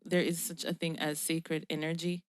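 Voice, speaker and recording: A woman's voice: sits low, little pitch movement, smooth, no echo. A young woman with a Jamaican accent co-hosting a podcast, talking earnestly and laughing easily. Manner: earnest, quick to laugh, repeats herself. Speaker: podcast co-host. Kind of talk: casual chat.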